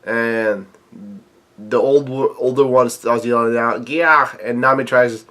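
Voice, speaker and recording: Halting man reading a manga aloud. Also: medium pitch, flat delivery. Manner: halting, many restarts and filler sounds. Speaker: manga reaction host.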